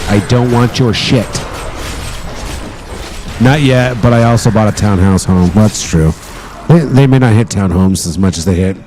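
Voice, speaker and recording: A man chatting casually on a live stream, joking and swearing as he rambles. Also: lowish voice.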